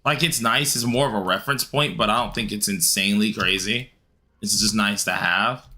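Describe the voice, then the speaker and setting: A man streaming a game live, chatting casually with viewers and grumbling loudly at the game in an excitable way. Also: fairly low pitch, moderate pace. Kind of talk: live-stream gameplay commentary answering chat.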